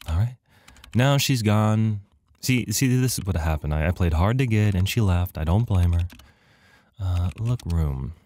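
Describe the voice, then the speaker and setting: Playing through an adventure game, a man jokes at his own expense and reads the on-screen text aloud for a let's play. His low, mellow voice has lively intonation, moving slowly with frequent pauses over slight background noise.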